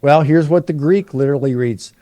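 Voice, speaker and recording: A middle-aged man, a New Testament professor, patiently explaining Greek grammar and slowing down to stress key words. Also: a little high, dark tone, dry recording.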